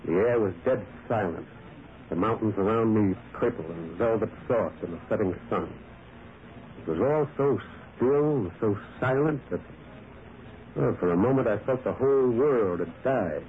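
Man voicing a lonely brooding prospector, dramatic storytelling, expressive pitch, tinny old radio sound. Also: moderate pace, lightly acted. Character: lonely male prospector narrating his past. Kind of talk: 1940s radio acting. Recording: tinny lo-fi old radio broadcast with faint hiss.

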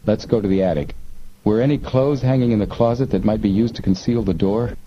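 A man voicing a calm middle-aged detective father who speaks in a tense, commanding way. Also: fairly low pitch, brisk, lightly acted. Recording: muffled lo-fi with faint hiss.

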